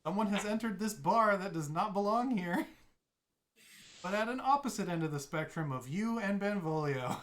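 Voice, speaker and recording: A woman narrating as game master of a tabletop game, talking casually and halting now and then. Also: mid-range voice, lively intonation.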